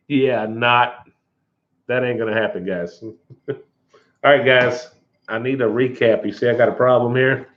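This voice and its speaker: A man's voice: mid-range voice, fairly even intonation, slow pace, long pauses, muffled recording. A man hosting a casual live stream, rambling and folksy with frequent chuckles. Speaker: outdoor channel host.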